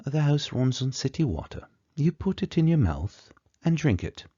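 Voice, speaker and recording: A man putting on a traditional British accent with crisp, careful diction, on a dull, muffled recording. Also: medium pitch, big pitch swings, moderate pace, dark tone, pitched above the performer's own voice. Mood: demonstrating.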